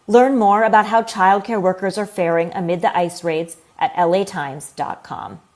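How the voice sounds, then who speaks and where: A woman's voice: mid-range voice, moderate pace. Woman reading scripted news advice. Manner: even, advisory delivery. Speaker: news video narrator. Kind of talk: scripted narration.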